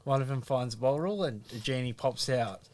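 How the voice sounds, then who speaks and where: A man's voice: mid-range voice, a little fast, a little mellow. A man podcast co-host telling a joke in casual chat, laughing as he goes. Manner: laughs while joking.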